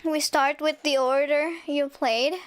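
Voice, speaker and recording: Excitable high-voiced woman streamer. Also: measured pace. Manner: excitable, laughing, swearing, playful. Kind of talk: casual game commentary. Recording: faint game music behind.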